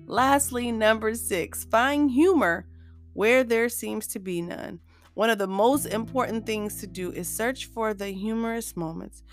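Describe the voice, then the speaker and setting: A woman's voice: fairly high pitch, measured pace, soft background music. A woman hosting a solo motivational podcast, chatty and upbeat, often laughing as she talks to her listeners as "you guys". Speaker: podcast host.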